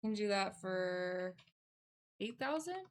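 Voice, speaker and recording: A woman's voice: medium pitch, expressive, slow. A young woman with a light Southern twang, chatting away in a loose, rambling way while she streams from home. She reads her chat aloud and answers it as she goes, talking into a desk microphone in her own everyday voice. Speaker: livestreamer. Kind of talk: casual live-stream chat.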